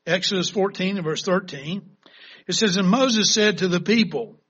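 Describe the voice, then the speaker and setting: A husky-voiced man with a somewhat high pitch delivers a sermon. He keeps asking the congregation rhetorical questions as he preaches. The recording is dull and lo-fi. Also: normal speed, fairly bright tone. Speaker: pastor.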